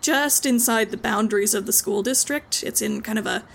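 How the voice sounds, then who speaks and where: A woman's voice: fairly high pitch, moderate pace, vocal fry. A woman narrating a tabletop game as game master, chatty and hedging with frequent likes and ums.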